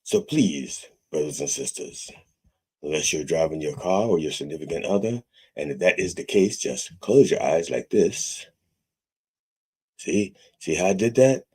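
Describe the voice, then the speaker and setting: Low-voiced man preaching a profane parody sermon. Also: lively intonation, unhurried, warm tone, breathy edge. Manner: profane, rambling comic preaching. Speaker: comic reverend host.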